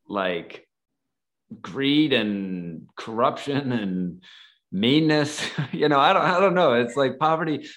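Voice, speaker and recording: A man's voice: mid-range voice, fairly bright tone. A man telling a personal story in a casual, earnest way, rambling and full of "like" fillers. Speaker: guest, photographer and nonprofit founder.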